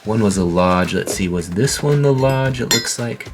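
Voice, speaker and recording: Deep-voiced man casually showing off finds. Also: moderate pace, background noise. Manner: relaxed, rambling, frequent "uh" fillers. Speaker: online reseller. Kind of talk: casual show-and-tell vlog.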